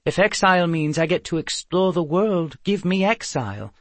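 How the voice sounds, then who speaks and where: A man voicing a haughty, bold young fairy woman who is quick to take offense. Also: on the high side, animated, no room sound, voice pushed up. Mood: proud. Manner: proud, quick to complain.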